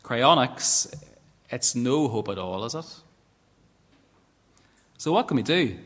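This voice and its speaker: A man's voice: mid-range voice, expressive, takes it slowly, a bit bright. A man with a Northern Irish accent preaching a sermon in a church, earnest and fond of rhetorical tag questions. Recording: long church hall reverb.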